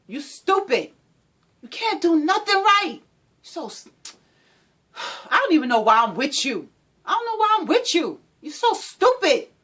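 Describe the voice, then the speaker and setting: A woman acting out a controlling, abusive male partner who swings between sweet talk and menace, pleading and shouting in a repetitive way. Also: on the high side, very animated, measured pace, long pauses, breathy edge, pitched above the performer's own voice, full character voice. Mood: agitated.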